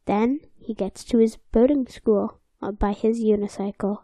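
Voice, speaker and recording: A woman's voice: mid-range voice, steady tone, normal speed, dark tone, no echo. A woman co-hosting a podcast, chatting casually and playfully, sometimes slipping into silly voices. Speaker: podcast co-host. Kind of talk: casual chat recapping a cartoon episode.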